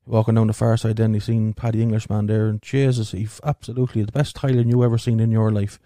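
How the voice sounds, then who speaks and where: A man with a slight stutter tells crude jokes in a rambling, swear-filled way. His voice is low and very dark. The sound is close and dry. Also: level tone, fast talker, no room sound. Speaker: podcast host. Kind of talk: telling jokes.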